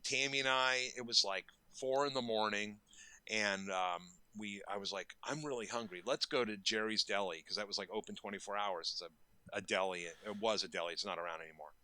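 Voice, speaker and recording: A man's voice: on the low side, fairly even intonation, brisk, pushed and bright, smooth, no room sound. A man in his fifties, a makeup effects artist, telling stories casually in an interview and acting out quoted lines with bursts of energy.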